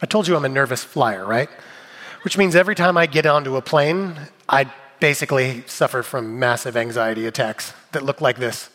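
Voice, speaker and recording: Animated preacher in a reverberant hall. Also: male voice, mid-range voice, moderate pace. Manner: animated, jokey storyteller, shifting between loud bits and quiet asides. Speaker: pastor. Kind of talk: sermon with comic storytelling.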